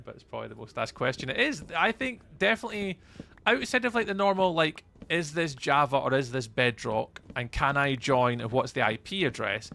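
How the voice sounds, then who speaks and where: A man's voice: medium pitch, vocal fry, sharp tone, slight background noise. A young Scottish man casually chatting through a live game stream, rambling and greeting his chat by name. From Scotland. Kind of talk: live gameplay commentary.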